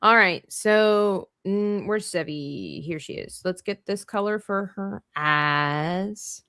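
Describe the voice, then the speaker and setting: This Canadian woman speaks slowly and smoothly at medium pitch while hosting a casual drawing livestream, chatty, animated, and quick to laugh. It's studio-quality audio with no room sound.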